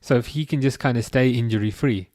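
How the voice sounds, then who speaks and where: A man in his thirties hosting a live stream, chatting casually and reading out viewer comments with halting restarts and dry jokes. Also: medium pitch, a little mellow, dry recording. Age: 30s.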